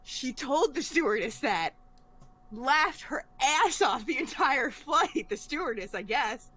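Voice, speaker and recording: Animated, profane woman telling family stories. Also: sits high, unhurried, husky. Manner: animated, swears freely, laughs mid-story. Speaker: tabletop game player. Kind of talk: casual chat, comic family storytelling. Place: home, online voice chat.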